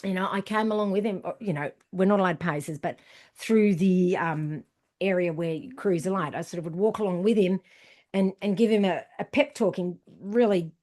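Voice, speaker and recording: A woman endurance coach chats casually on a podcast, telling stories bluntly and emphatically and acting out what people said. Her voice is on the low side, at a moderate pace.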